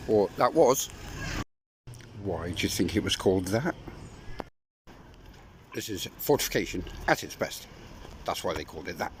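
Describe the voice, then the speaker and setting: A man's voice: fairly low pitch, slight background noise. A middle-aged man giving a casual walking tour outdoors, talking to his viewers with chatty, wry asides. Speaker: travel vlogger. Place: outdoors, walking through town streets and a park.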